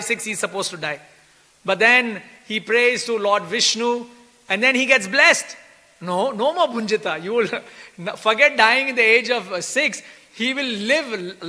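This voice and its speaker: A man giving a scripture class in an animated way, laughing and acting out quoted pleas. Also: sits high. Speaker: temple speaker. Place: temple hall. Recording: long hall reverb.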